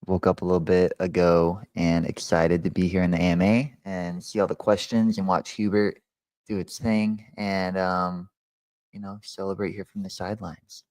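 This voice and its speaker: A tired man chatting casually online, relaxed and unhurried. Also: low-pitched, no echo.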